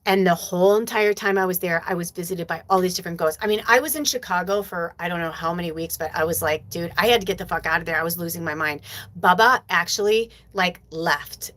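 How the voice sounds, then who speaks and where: A woman in her forties hosting a live stream as a spiritual medium, talking to her viewers in a loose, chatty way. Her voice sits a bit low, and she swears freely and fills her sentences with "like" and "you know.". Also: fast, a bit bright. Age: 40s. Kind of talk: casual storytelling to viewers.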